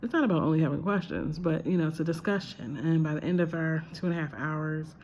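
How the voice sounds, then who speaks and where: A woman's voice: sits low, fast, a little mellow, a little hiss or hum. A woman who lectures at a university, talking through her day in a chatty, reflective vlog with lots of fillers. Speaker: visiting lecturer. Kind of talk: casual spoken diary.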